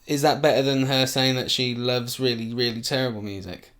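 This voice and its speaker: A man's voice: medium pitch, a little fast. Swearing man in casual banter. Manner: swearing, animated storytelling. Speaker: podcast co-host.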